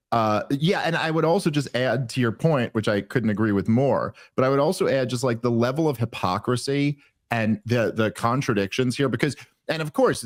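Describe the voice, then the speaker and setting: A man arguing on a political podcast, heated and sarcastic, often restarting his sentences. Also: medium pitch. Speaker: debate guest. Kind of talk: political debate conversation.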